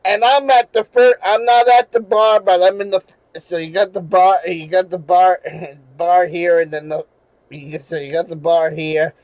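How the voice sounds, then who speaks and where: A man's voice: sits high, level tone, normal speed, a little mellow, dry recording, rough recording. A man hosting his own channel, telling a rambling, profane story in casual chat, laughing often and restarting his sentences. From New England. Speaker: channel host.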